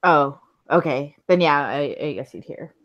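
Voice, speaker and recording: A woman's voice: low-pitched, animated, moderate pace, highs cut off. A woman running a tabletop role-playing game, narrating the scene in a laid-back way with many fillers and laughs. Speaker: game master.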